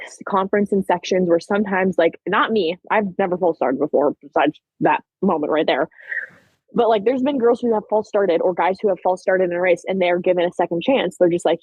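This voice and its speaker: An 18-year-old woman from Minnesota, a high school track athlete, animatedly retelling a race story in a casual interview, full of "like". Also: slightly rough, no echo, rough recording. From Minnesota, USA. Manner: animated retelling, many fillers like "like".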